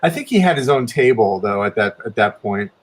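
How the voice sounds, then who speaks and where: A man's voice: animated, brisk. A man casually telling a long story with many restarts, his voice jumping up when he quotes himself. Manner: rambling, many restarts, pitch jumps up when quoting himself. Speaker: guest artist telling a story.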